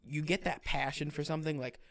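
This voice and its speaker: A man's voice: fairly high pitch, fairly even intonation, a little fast, a bit bright. A young man co-hosting a casual podcast, talking bluntly, swearing freely and using many fillers. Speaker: podcast co-host, firefighter.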